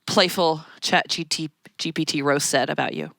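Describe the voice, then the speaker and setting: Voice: medium pitch, measured pace, gravelly, a bit bright, no room sound. A show co-worker chiming in with dry, matter-of-fact teasing. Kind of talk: casual studio banter.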